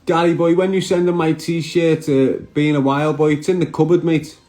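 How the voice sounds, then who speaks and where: A man's voice: fairly high pitch, level tone, normal speed, mellow, soft background music. A man, chatting brashly on a live stream and answering viewer comments. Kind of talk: casual live stream chat.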